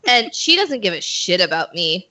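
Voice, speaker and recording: A woman's voice: lowish voice, big pitch swings, normal speed, pushed and bright. A woman guest chatting casually over a video call, candid and swearing freely, a bit tipsy. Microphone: video call mic. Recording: muffled lo-fi stream audio.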